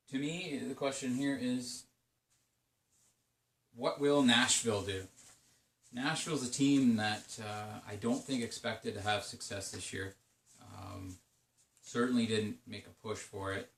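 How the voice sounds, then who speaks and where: A man's voice: fairly low pitch, slow pace, creaky, pauses often, a bit bright, roomy sound, recorded from a distance, slight background noise. A man talking through his league's trade-deadline day in a rambling, casual solo commentary, full of fillers and restarts. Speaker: video game league commentator.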